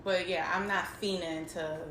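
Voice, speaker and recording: A woman's voice: fairly low pitch, fairly even intonation, moderate pace. A young woman co-hosting a podcast, talking in a casual, candid way, swearing freely and laughing often. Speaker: podcast co-host. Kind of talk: casual chat. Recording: roomy echo with faint noise.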